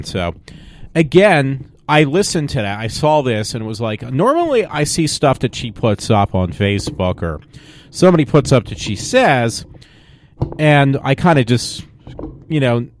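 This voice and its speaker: A man with a medium-pitched voice hosts his own vlog, exhausted after a long day. He talks casually to viewers, rambling and apologizing, recorded on a home mic with a bit of hiss or hum.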